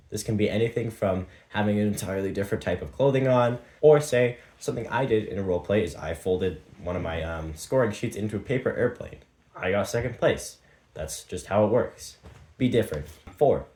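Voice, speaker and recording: A man giving fast, punchy tips on business presentations in a motivational talk. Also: lowish voice, darkish tone, roomy sound. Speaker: presentation skills coach.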